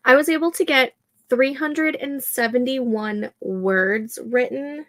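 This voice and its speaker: Slow-talking woman live-streaming writing sprints. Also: high voice. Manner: unhurried, reads viewer comments aloud and reacts warmly. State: stuffy from allergies. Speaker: livestream host running writing sprints. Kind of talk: casual live-stream chat.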